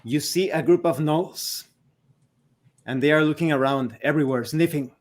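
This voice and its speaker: A man narrating a tabletop game as game master, slow and deliberate. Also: fairly high pitch.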